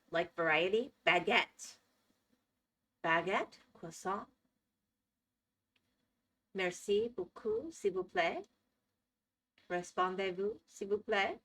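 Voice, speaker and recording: Bright-voiced chatty woman streamer. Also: medium pitch. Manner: chatty, playful, laughs often. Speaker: streamer reacting to videos. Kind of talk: casual live-stream chat.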